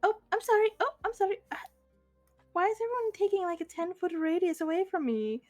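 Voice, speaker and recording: A woman voicing a big, soft woman who apologizes in a flustered, high voice. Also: fairly quick, soft background music.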